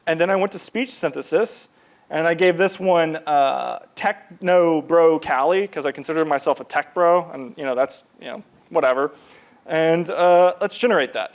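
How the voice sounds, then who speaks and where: A man giving a casual live presentation to an audience, talking loosely with lots of fillers and repeats. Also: fairly high pitch. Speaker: conference presenter.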